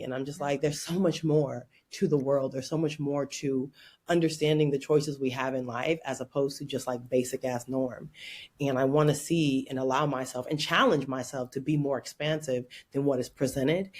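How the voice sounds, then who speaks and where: A woman from Oakland, California, a podcast guest telling stories in an animated, playful way and laughing often. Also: very deep voice, normal speed. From Oakland, California, USA. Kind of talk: casual interview chat.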